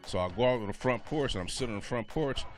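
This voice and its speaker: A man's voice: mid-range voice, animated, fast talker, soft background music. A male comedian telling a loose, slangy stand-up story on a radio show.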